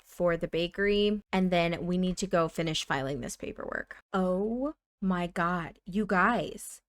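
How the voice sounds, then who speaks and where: A woman's voice: fairly low pitch, measured pace, dry recording. A woman hosting a let's play, narrating her game in a chatty way with dramatic exclamations. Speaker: gaming channel host.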